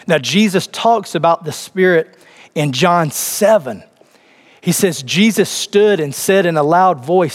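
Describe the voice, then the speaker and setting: A man delivering a sermon, his voice sitting a little high for a man. He reads scripture aloud and turns to the congregation with pointed, rising emphasis. A long reverb from the church hall trails after each phrase. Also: lively intonation, measured pace. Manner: preaching with rising emphasis, addressing the congregation directly. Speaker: pastor.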